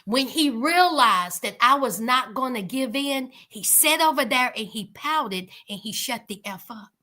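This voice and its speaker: A woman's voice: a little high, lively intonation, unhurried, sharp tone. A woman giving outspoken reaction commentary on a reality show, calling her viewers honey.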